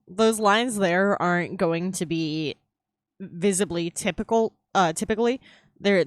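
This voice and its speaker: A woman's voice: fairly low pitch, no room sound, clean studio sound. A woman chatting casually while drawing on a live stream, swearing freely and laughing easily. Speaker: streaming artist. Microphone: headset.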